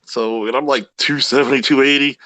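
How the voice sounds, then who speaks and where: A man in casual chat, telling animated, profane stories and imitating his relatives. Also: medium pitch, fairly quick, dry recording, low-quality recording.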